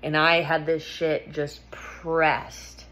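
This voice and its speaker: A woman's voice: sits low, level tone, extremely slow, a bit bright. A woman vlogger telling a personal story in a candid, emphatic way, swearing freely.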